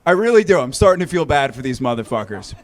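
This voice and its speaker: On a comedy club stage, a man with a medium-pitched voice races through a stand-up set. He swears freely, stays animated and acts out characters in different voices.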